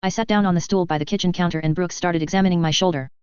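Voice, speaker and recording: Female audiobook narrator; steady, measured, crisp voice on a slightly dull recording. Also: lowish voice, dry recording. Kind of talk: first-person audiobook narration.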